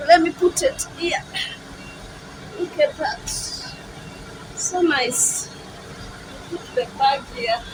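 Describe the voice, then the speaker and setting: A woman vlogging on a handheld phone at a railway station and on board a train. She gushes with excitement and repeats herself often. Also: high voice. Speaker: travel vlogger. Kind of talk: casual vlog narration. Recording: noisy phone recording on the move.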